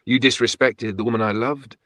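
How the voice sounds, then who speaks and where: A man's voice: mid-range voice, steady tone, fairly quick, fairly bright tone, no echo, studio quality, pitched above the performer's own voice, natural voice. A man voicing a middle-aged father, emotional and pleading in his speech. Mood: furious. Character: remorseful middle-aged father, enraged then broken.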